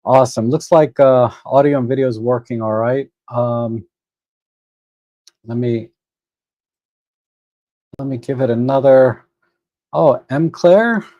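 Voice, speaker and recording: On a lo-fi, dry desk-microphone recording, a man with a mid-range voice and fairly even intonation speaks at a measured pace, pausing often. He's casually commenting on his photo editing livestream, thinking aloud with fillers and restarts.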